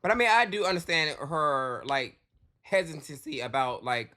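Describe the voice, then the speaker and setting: A man hosting a reaction video, commenting in a casual, colloquial way with animated asides. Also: a little high, normal speed.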